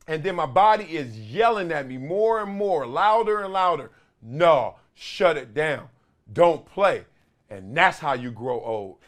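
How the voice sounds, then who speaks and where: A man in his forties hosting a solo sports talk show, telling stories in slangy, animated talk and acting out little voices with laughs. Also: on the high side. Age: 40s. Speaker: show host.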